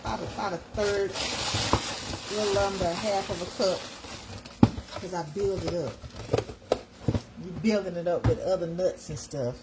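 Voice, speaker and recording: A woman's voice: on the low side, fairly even intonation, a little slow, pauses often, heavy background noise. A woman hosting a casual livestream, chatting folksily with her viewers while she makes breakfast. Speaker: livestream host.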